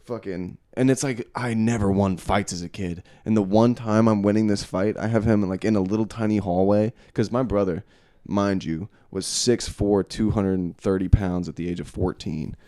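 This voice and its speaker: A man's voice: lowish voice, fairly even intonation, moderate pace, mellow, no echo, studio quality. A young man co-hosting a podcast from a basement, telling rambling, profane stories in casual chat. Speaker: podcast co-host. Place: unfinished basement.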